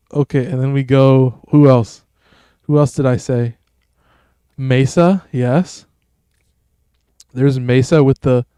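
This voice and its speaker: Slow-talking man streaming a game. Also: mid-range voice, warm tone, clear, resonant tone, no echo. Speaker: streamer host. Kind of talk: gameplay commentary.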